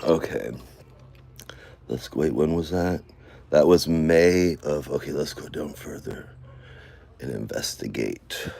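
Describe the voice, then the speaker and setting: A man vlogging casually, muttering to himself as he scrolls through comments, then breaking into loud rants. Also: rumbling low, lively intonation, slow pace, vocal fry, long pauses, no room sound.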